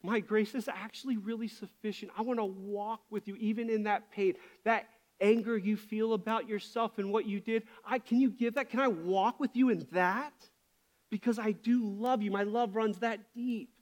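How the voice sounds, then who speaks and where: A man voicing God as a loving, forgiving father, speaking softly, slowly and gently. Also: extremely high pitch, voice pushed up. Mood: tender. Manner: soft, slow and gentle.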